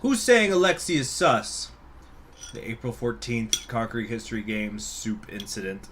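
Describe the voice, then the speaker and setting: A man's voice: medium pitch, unhurried, fairly bright tone, a little hiss or hum. A man giving casual, rambling let's-play commentary, joking and swearing freely. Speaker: game streamer.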